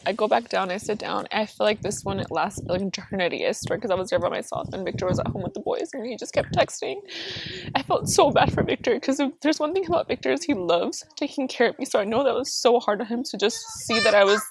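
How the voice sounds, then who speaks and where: Raspy young mom telling her story. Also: mid-range voice, animated, fast talker, background noise. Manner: candid, talks straight to viewers, many fillers. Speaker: family vlogger. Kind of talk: emotional personal storytime.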